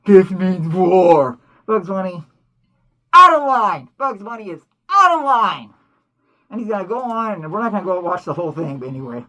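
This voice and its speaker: A woman hosting a cartoon commentary, talking in an animated, indignant way full of rhetorical questions. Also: mid-range voice, brisk. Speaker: host.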